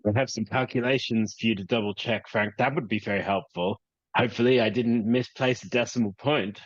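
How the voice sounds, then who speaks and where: Figure: obsessive, brittle scholar woman, voiced by a man. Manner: slow, insistent, repetitive. Pitch: low. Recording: dry, slightly muffled. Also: steady tone, no room sound, natural voice. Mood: curt. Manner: slow, insistent, repeating herself.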